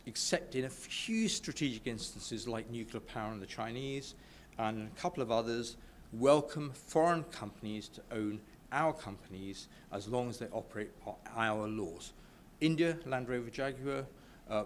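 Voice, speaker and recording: A UK man with a medium-pitched voice gives an informal, enthusiastic talk at a business networking event before a live audience in an event room, stumbling and restarting sentences often. There's slight background noise.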